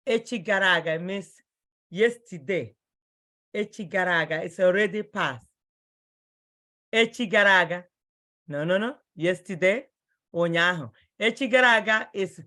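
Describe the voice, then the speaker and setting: A woman teaching an online language class, who speaks slowly and repeats each word with care so her students can follow. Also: mid-range voice, sharp tone. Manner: slow, repeats words carefully for students.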